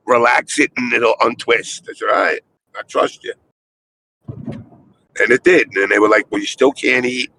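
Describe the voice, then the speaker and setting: A man's voice: medium pitch, creaky, bright, forceful tone, a little hiss or hum, rough recording. An older man telling long, profane stories in casual chat. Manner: profane, rambling storyteller.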